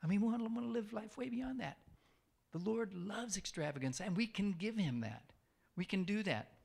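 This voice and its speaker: A man's voice: sits high, expressive, moderate pace, creaky, a little mellow, husky. A man preaching a sermon in a conversational way, asking the listeners questions and repeating phrases for emphasis.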